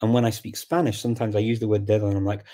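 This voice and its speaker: A man's voice: lowish voice, level tone, rapid-fire. A man hosting a casual live chat on language learning, explaining ideas thoughtfully and reading out viewer comments as he answers them. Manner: thoughtful and explanatory, reads out comments and reacts warmly.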